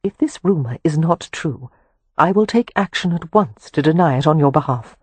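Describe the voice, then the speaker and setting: A woman playing a gentle, tactful society matron. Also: low voice, expressive, moderate pace, husky, dry recording.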